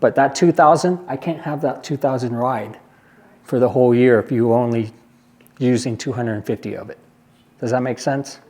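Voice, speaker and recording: Speaking at a moderate pace in a mid-range, darkish voice, a man gives a casual briefing at a care agency meeting. He talks conversationally, restates what he's said, and invites questions from the room.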